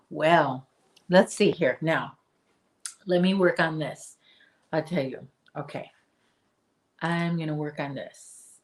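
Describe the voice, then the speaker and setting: A low-pitched woman talks at an unhurried, easy pace as she hosts a crochet livestream. She chats with her viewers and picks up their comments, often stumbling and restarting her sentences. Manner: chatty, answers viewer comments, frequent restarts. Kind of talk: casual live chat while crocheting.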